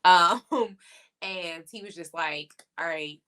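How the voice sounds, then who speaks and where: This is a woman co-host in her thirties with a slightly low voice, chatting casually. She circles back with fillers and restarts and laughs easily as she goes. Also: steady tone, slow pace, pushed and bright, clean tone. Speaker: podcast co-host. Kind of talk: casual chat reviewing a reality show.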